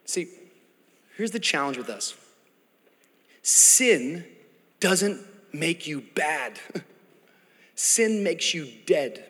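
A pastor preaching a sermon to his church, dramatic and building to shouts. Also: fairly high pitch, very animated, extremely slow, pauses often, husky, long reverb tail. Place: large church hall.

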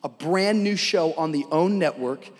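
A male pastor preaching a sermon, moving from conversational storytelling to loud, urgent exhortation. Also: a little high, unhurried, big-room sound.

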